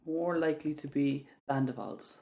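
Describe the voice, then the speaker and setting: A man's voice: a little high, steady tone, normal speed, vocal fry, warm tone. A man teaching chemistry, walking through exam questions and repeating key words with frequent "okays". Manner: repeats key words for emphasis, many "okay"s. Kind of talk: exam walkthrough lesson.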